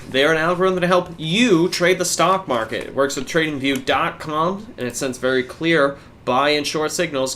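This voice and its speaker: A man's voice: a little high, a bit bright, a little hiss or hum. A man co-hosting a podcast, chatting casually and telling laid-back stories, swearing now and then. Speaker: podcast co-host. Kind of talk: casual chat.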